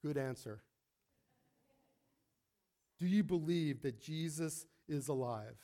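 A man preaching a sermon, telling a story and calling out to the congregation in an animated way. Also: fairly high pitch, takes it slowly. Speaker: pastor.

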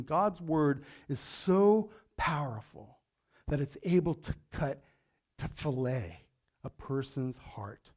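A male pastor preaching a sermon emphatically, acting out quotes and dropping to a low, intense hush for warnings. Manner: emphatic, acts out scripture quotes.

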